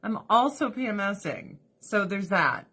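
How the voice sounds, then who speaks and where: A woman's voice: mid-range voice, animated, unhurried, a bit bright, slightly rough. A woman vlogger chatting casually to viewers, emotional and rambling, laughing often and swearing freely. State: weepy, emotional. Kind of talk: casual livestream chat.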